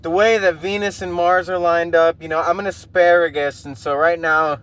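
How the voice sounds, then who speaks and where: A man's voice: a little high, steady tone, normal speed, a bit bright, clean tone, lightly acted. A man voicing a flighty woman who rambles airily about astrology. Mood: airy. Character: flighty woman blaming the stars.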